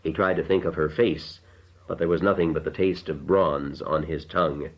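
A man reading an audiobook narration in a measured, unhurried way. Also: very deep voice, fairly even intonation, muffled recording.

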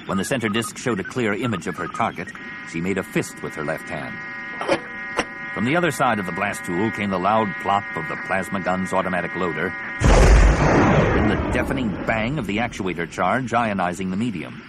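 A man narrating an audiobook in a dramatic, expressive reading. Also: low voice, moderate pace, heavy background noise.

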